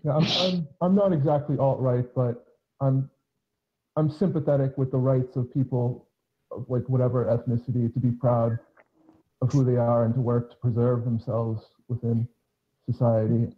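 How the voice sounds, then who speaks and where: A man of middling pitch makes his case in a casual debate, measured but tripping over repeated words. The sound is muffled, lo-fi voice call audio. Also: flat delivery.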